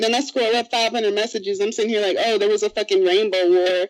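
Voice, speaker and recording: A podcast co-host in casual chat, telling a story in a lively, profane way and quickly mimicking other people. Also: mid-range voice, low-quality recording.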